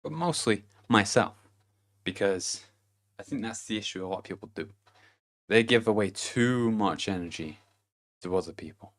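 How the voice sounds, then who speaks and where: A man's voice: lowish voice, lively intonation, normal speed, long pauses, a bit bright. A man giving a casual motivational monologue to camera, blunt and profane, chuckling between his points. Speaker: vlogger.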